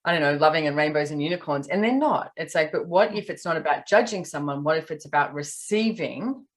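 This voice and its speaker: An Australian woman in casual podcast conversation, telling animated stories and acting out what people said. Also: sits low, a little fast. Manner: animated storyteller, acts out quotes. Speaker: podcast guest.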